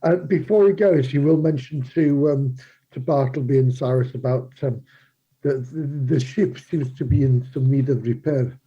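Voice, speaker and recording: A man playing in a tabletop game, talking in a halting, giggly way. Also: mid-range voice, warm tone, slightly rough, muffled recording. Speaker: player.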